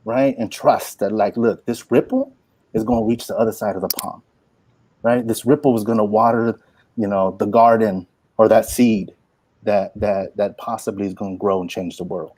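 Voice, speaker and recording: A man in his forties, a poet and workshop teacher, telling stories in an animated, folksy way full of "like" and "you know". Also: on the low side, normal speed, no room sound. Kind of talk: inspirational storytelling talk.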